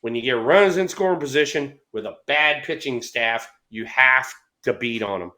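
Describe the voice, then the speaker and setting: In this casual storytelling chat on a baseball talk show, the middle-aged co-host speaks at normal speed and medium pitch. He performs characters' voices with animation and doesn't hold back on swearing.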